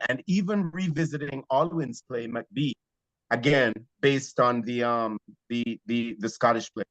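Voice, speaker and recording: A man from Jamaica with a Jamaican accent, a theater actor telling stories in an interview, animated but hesitant. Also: medium pitch, no echo, dull audio. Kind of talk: conversational interview.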